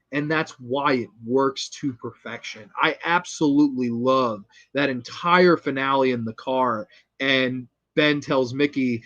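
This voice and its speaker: A man's voice: fairly high pitch, muffled recording. A man hosting a casual film review monologue, enthusiastic and profane, retelling scenes and quoting lines. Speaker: host.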